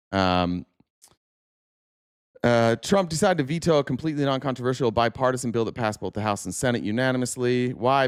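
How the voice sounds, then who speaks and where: A man's voice: lowish voice, clean tone, no echo, clean studio sound. A man hosting a political livestream, sarcastic and joking, answering his chat as he goes. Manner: sarcastic, talks back to chat. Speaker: host. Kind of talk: casual political livestream commentary.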